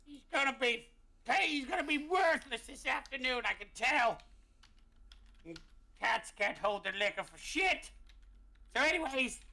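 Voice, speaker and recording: A man voicing an excitable, boastful male halfling deckhand in a tabletop game. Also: extremely high pitch, a little slow, creaky, long pauses, pitched above the performer's own voice, exaggerated voice. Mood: gruff. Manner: loud, brash shouting.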